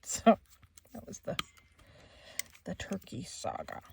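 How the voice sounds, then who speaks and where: A woman's voice: fairly low pitch, wildly swooping pitch, slow pace, gravelly, very noisy. A middle-aged woman hosting a crafting channel, chatting casually and laughing often as she tells a story while she works. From Maine, USA.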